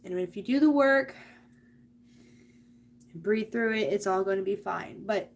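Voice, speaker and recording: A woman's voice: medium pitch, unhurried, gravelly. A woman giving a live tarot and oracle card reading, speaking earnestly and directly to the viewer about spirit and energy.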